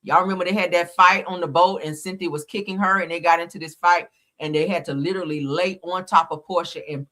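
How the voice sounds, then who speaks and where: A woman's voice: low voice, a bit bright. A woman hosting a live reality TV commentary stream, chatty, slangy and opinionated. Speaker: channel host. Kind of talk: casual reality TV commentary livestream.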